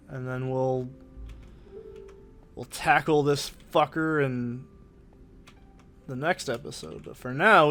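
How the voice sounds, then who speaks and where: Recorded in a soundproofed home corner through a desk condenser mic with a pop filter, this let's play host gives casual, opinionated gaming commentary, rambling and swearing freely. He speaks with a Southern Oregon, Pacific Northwest accent in a mid-range, fairly bright voice.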